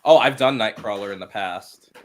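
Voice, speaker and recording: A man's voice: fairly low pitch, normal speed, a little hiss or hum. A man speaking as a panelist in a casual chat, reserved and self-deprecating.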